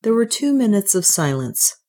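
A woman narrating a story aloud in a steady, even reading voice. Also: medium pitch, moderate pace. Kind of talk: scripted audiobook narration.

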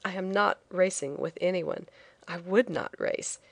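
A woman narrating a first-person travel memoir in a measured, expressive reading. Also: lowish voice, creaky, no echo. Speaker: audiobook narrator.

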